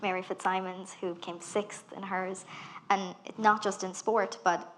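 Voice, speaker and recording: A woman about thirty with an Irish accent, a guest speaker in a live onstage conversation, telling animated stories and acting out quoted lines. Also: mid-range voice, a little slow, slight background noise. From Ireland. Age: 30s. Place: festival talk stage.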